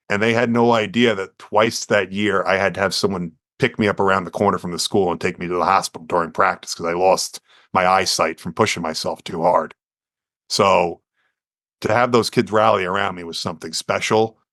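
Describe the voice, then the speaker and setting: A deep-voiced American man speaks at a moderate pace, telling his story earnestly on a podcast and energetically acting out quotes. The studio sound is clean with no echo.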